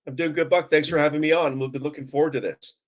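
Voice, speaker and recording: A man's voice: a little high, fairly even intonation, fast. A man from Canada joining a casual chat as a guest over a video call, easygoing and friendly toward viewers. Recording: dull lo-fi video call audio.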